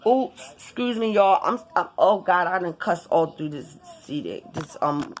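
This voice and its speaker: A woman vlogger talking casually and bluntly to her viewers, cursing often in an animated, informal way. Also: fairly low pitch, unhurried. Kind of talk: casual vlog rant.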